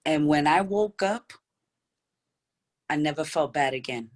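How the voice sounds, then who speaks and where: A woman's voice: low voice, measured pace. Earnest middle-aged woman telling a story. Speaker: guest, mother of a guest. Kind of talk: casual storytelling.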